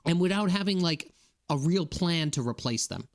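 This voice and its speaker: An indignant man with a slightly higher voice rants casually to his viewers. He keeps checking in with "okay?" and "right?" as he talks. He is from Massachusetts. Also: expressive, normal speed. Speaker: political commentator. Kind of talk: casual political rant to viewers.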